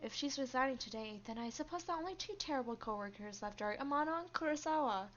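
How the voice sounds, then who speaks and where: A woman streamer reads a story game aloud and reacts expressively as it goes. Her voice is fairly high, and the stream audio sounds a bit dull and lo-fi. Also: lively intonation, fast, fairly bright tone, a little hiss or hum.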